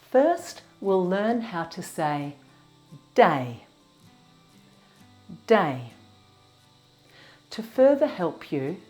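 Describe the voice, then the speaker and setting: A woman English teacher giving a beginners' pronunciation lesson, saying each sound slowly and clearly and breaking words into parts. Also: fairly low pitch, a little mellow. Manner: clear, careful enunciation, sounds broken into parts.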